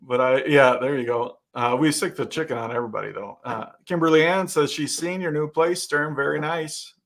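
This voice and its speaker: A man's voice: on the high side, a little fast, vocal fry, fairly bright tone. A man hosting a casual chat show in an easygoing way, laughing often and restarting his sentences. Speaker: host.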